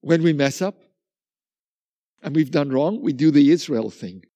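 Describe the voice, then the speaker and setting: A man preaching a sermon, animated, acting out little dialogues and repeating phrases for emphasis. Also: on the high side, unhurried, no echo. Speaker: pastor.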